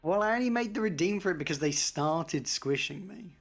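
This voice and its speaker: A man's voice: sits high, lively intonation, a little fast, vocal fry. Easygoing male streamer guest. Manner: easygoing, chatty. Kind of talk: casual chat.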